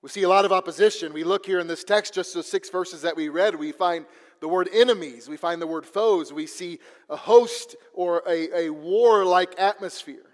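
A man with a high voice preaches a sermon to his congregation. He tells stories and often restarts a word before going on. His voice rings out with a long reverb in a large church hall. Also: moderate pace. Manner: storytelling preacher with repeated restarts. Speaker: pastor.

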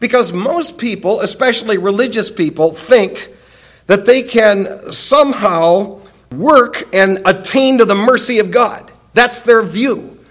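A man with a high voice preaching a sermon. He teaches earnestly, leaning on key words and repeating phrases to drive each point home. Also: unhurried, a bit bright. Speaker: pastor.

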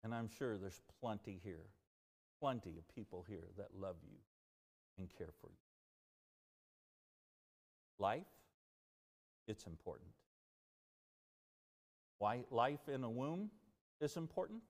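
A man preaching a sermon as pastor, earnest and animated, rising and dropping as he speaks. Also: fairly low pitch, slow pace, vocal fry, long pauses, long reverb tail. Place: church sanctuary.

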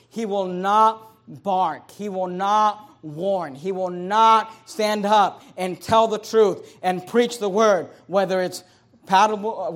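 A male pastor preaching a sermon, slowing and rising on key phrases, with chatty asides and repeated verse references. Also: sits high. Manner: emphatic preaching, slows and rises on key phrases.

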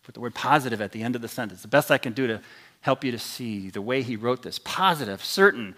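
A man's voice: mid-range voice, lively intonation, fast, pushed and bright. A man preaching a sermon in an earnest, emphatic way, his intensity rising and falling as he teaches. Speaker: pastor.

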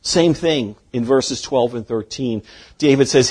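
A man preaching an expository sermon as a pastor, earnest, dropping from loud to hushed for emphasis. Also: medium pitch, a little slow, slightly rough.

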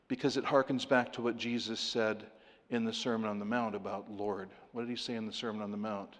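A man preaching a sermon, animated and playful, acting out the voices of people in his story with laughs. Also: fairly low pitch, fairly quick. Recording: long hall reverb.

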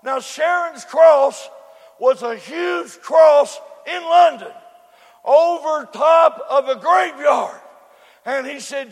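A man preaching a sermon, swinging between loud shouted cries and low, quiet storytelling. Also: takes it slowly. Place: church. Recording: echoey hall with faint congregation.

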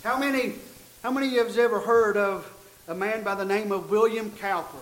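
A male preacher tells a story from the pulpit in a folksy way, doubling back on his words. His voice sits very high, and it echoes around a church room. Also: fairly even intonation, brisk. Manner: folksy, repeats and restarts phrases. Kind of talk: storytelling sermon.

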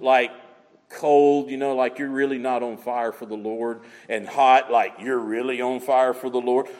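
A man preaching in a high, animated voice that leaps and dips from phrase to phrase. He leans on single words and repeats them for weight. A long hall reverb trails behind him. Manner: emphatic preaching, repeats key words for effect. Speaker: pastor. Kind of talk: sermon.

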